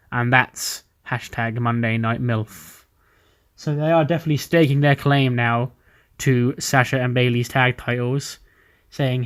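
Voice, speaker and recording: Guy chatting through his wrestling sim save, laid-back, middle-pitched voice. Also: steady tone, unhurried, a bit bright, clean tone. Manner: laid-back narration of booking a wrestling show. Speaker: let's play commentator. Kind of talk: casual game commentary.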